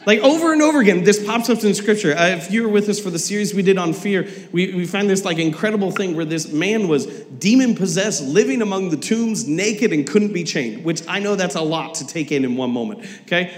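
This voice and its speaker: High-voiced pastor in an echoing hall. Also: male voice, fairly quick, few pauses. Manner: animated storytelling, acting out quotes with humor. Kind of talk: sermon. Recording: long reverb of a large hall.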